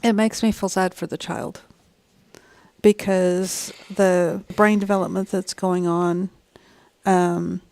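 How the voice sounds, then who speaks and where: Gravelly woman co-host on a studio talk show. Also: fairly low pitch, flat delivery, slow, darkish tone. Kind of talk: casual studio chat. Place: local TV studio.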